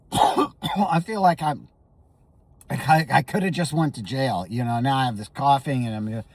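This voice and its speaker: A shaken man telling a comic story in a rambling, stammering way, often coughing and clearing his throat. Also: mid-range voice, unhurried, recorded from a distance. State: shaky and rattled. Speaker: comedic vlogger.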